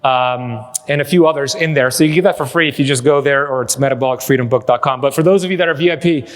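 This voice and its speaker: A man's voice: mid-range voice, fast. A man giving a live keynote to an audience in a large hall, talking with energy and cracking jokes as he tells stories. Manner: energetic, joking storyteller. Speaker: keynote speaker. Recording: echoey hall reverb.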